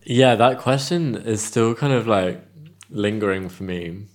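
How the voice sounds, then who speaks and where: A man's voice: lowish voice, a little slow. Dry-joking British man co-hosting. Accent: British English. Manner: dry, joking asides, soft-spoken. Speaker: podcast co-host. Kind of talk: casual chat.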